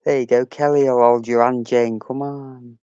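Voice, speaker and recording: A man's voice: medium pitch, little pitch movement, normal speed, mellow, clear, resonant tone, dry recording, highs cut off. A man hosting a casual live stream, chatting with viewers and greeting them by name.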